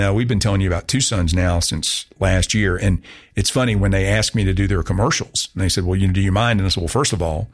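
A low-pitched man hosting a casual talk radio show, chatting and rambling along with an easy, self-mocking humor. His sentences often restart as he goes.

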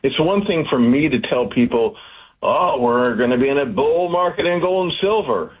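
A man guesting on a radio show as an investment firm executive, talking in an earnest, persuasive pitch. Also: animated, moderate pace, husky. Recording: tinny phone line.

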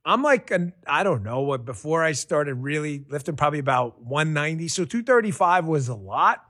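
A man reading a radio ad in a folksy, emphatic pitchman manner. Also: animated, moderate pace, pushed and bright, dry recording, clean studio sound. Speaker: ad spokesman. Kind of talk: radio ad read.

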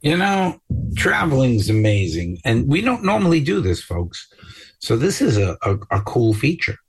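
A man co-hosting a talk radio show, trading jokes with his partner. His voice has a husky edge and a lively, swinging pitch. He talks in a loose, bantering way. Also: moderate pace, rough recording. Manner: wisecracking interjections.

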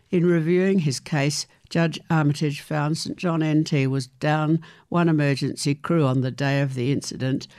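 A man reading a news article aloud in a measured, even way, with occasional slips and restarts. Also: fairly high pitch, no room sound, clean studio sound. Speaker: news reader.

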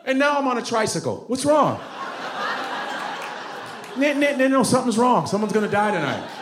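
A man doing stand-up comedy, profane and animated, jumping into voices. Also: very high-pitched, normal speed, background noise.

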